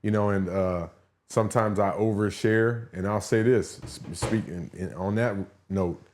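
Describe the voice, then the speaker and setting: A man's voice: lowish voice, unhurried, a little hiss or hum. Candid man telling stories on a podcast. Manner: candid, animated storyteller. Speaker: podcast host. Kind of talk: casual podcast chat.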